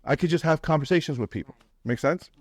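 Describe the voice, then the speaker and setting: This man talks fast in a high-leaning voice, with no echo on the recording. As a real estate investor and mentor, he addresses a live meetup audience in a meetup room with animated, blunt, sweary delivery, raising his voice to act out what others said.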